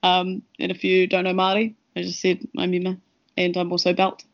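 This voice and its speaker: A woman chatting as a guest player on a podcast, playful and quick to laugh. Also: on the low side, monotone, gravelly, no echo, dull audio. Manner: giggly, playful. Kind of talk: casual podcast chat.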